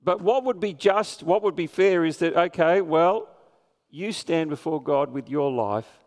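This sermon comes over a live church stream, the sanctuary adding a long reverb. The preacher's voice is on the high side and his pace measured as he talks earnestly and conversationally, putting questions to the congregation.

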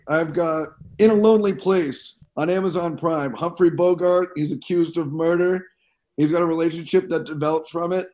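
A man with a slightly raised pitch talks as an upbeat podcast co-host. He gives quick film recommendations with a playful showman flair. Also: fairly even intonation, a little mellow. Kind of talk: casual podcast chat.

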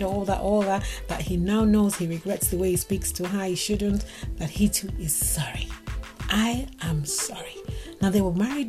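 A woman from Africa, telling a story and giving relationship advice, acting out the dialogue with animation. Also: mid-range voice. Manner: animated, acts out quoted dialogue. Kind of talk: storytelling talk. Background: music playing.

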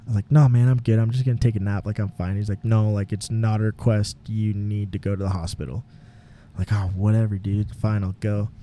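A man's voice: on the low side, flat delivery, brisk, dark tone, a little hiss or hum. A young man co-hosting a podcast, telling a long rambling story in casual chat, full of fillers and laughing often. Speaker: podcast co-host. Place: home garage.

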